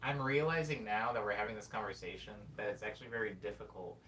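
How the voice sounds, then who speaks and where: A man's voice: fairly even intonation, fast talker, a bit bright. A man in his twenties hosting a live stream, reading chat messages aloud and reflecting in a rambling, casual way. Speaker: livestream host. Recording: distant mic with faint rumble.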